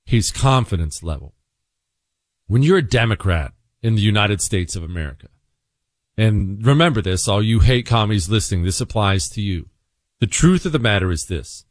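A man hosting a political commentary monologue, telling an animated story and acting out characters. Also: lowish voice, no echo, studio quality. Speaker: political talk show host.

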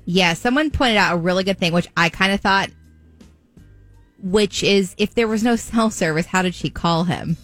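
A woman's voice: mid-range voice, moderate pace, a bit bright, faint music behind. A woman co-hosting a radio show, playful and nosy, chatting friendly with a caller. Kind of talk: radio show banter and prank call.

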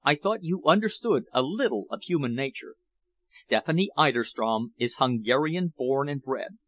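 A man's voice: mid-range voice, expressive, moderate pace, no echo, lightly acted. A man reading the part of a grave English nobleman who speaks formally and grimly. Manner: formal, grim.

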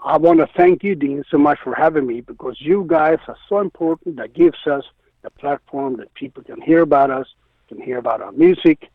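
Man telling stories over the phone, lively, kinda high pitched, dry phone sound. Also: fairly quick, no room sound. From Israel. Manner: animated, acts out quotes. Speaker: guest musician. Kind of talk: storytelling interview. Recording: tinny phone line.

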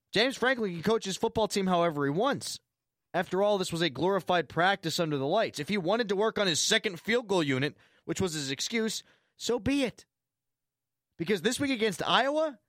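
High, lively ranting sports radio man. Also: no room sound, clean studio sound. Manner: ranting, sarcastic, repeats for emphasis. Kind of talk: opinionated sports talk radio.

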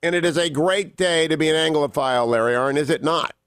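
A man hosting a radio interview, delivering with theatrical emphasis and slowing to stress words. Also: a little high, fairly bright tone, smooth, dry recording. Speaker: radio talk show host.

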